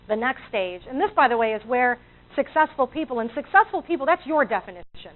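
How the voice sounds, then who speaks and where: Speaking fairly quickly in a high voice with big swings in pitch, this woman delivers a motivational talk before a live audience. She voices imagined inner thoughts and asks listeners questions, all captured on thin, phone-like audio.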